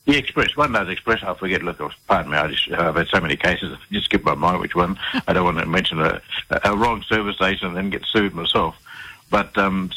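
An Australian man being interviewed on the radio, telling his story casually in a halting way, with lots of fillers and restarts. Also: low voice, pushed and bright, slightly rough, low-quality recording.

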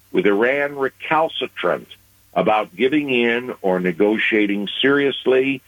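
Male guest analyst, unhurried and emphatic, dry phone-line radio sound. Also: on the low side, no echo. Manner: measured, deliberate delivery with emphatic pauses. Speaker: foreign affairs commentator. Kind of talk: analytical news commentary.

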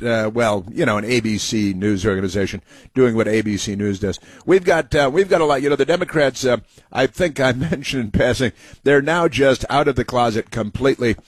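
A man's voice: mid-range voice, no echo. Sarcastic man on talk radio, dry sound. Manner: sarcastic, rambling with many fillers. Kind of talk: political talk monologue.

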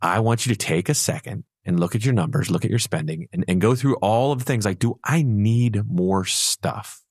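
Low-voiced, playful male advisor. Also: animated, quick pace, darkish tone, no room sound, studio quality. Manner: storytelling, playful, laughs at his own jokes. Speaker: financial advisor co-host. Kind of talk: conversational radio talk.

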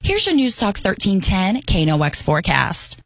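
A woman meteorologist reading a radio weather forecast in a crisp, steady delivery. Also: mid-range voice, normal speed, no room sound.

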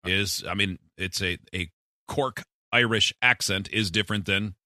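A man's voice: fairly low pitch, measured pace, sharp tone, no echo, studio quality. A man hosting a radio show, bantering casually with co-hosts. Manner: chatty, jokey. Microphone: studio microphone.

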